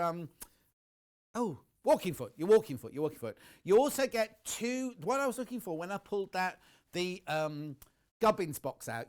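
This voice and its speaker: A man presenting a live television shopping demonstration in a TV studio, chatty and enthusiastic, talking straight to viewers. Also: on the high side.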